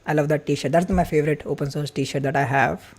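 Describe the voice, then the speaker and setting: A man hosting a live-streamed event welcome. He talks quickly and excitedly, greets viewers from the chat, and chats freely. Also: a little high. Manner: excited, fast-talking, chatty. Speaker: livestream host.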